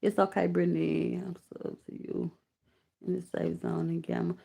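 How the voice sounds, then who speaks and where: A woman in her thirties hosting a casual live stream, reading viewer comments aloud, emotional and swinging between loud excited bursts and soft low murmurs. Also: normal speed, vocal fry, husky.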